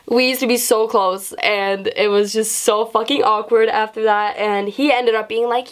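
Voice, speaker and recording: A woman's voice: a little high, normal speed. A young woman vlogger telling a storytime tale, swearing freely and acting out quotes dramatically. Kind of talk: storytime vlog.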